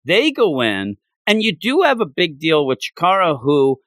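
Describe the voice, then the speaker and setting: A man co-hosting a casual manga chat, talking in animated, rambling runs full of restarts and fillers. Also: fairly high pitch, moderate pace, dry recording, studio quality. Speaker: podcast co-host.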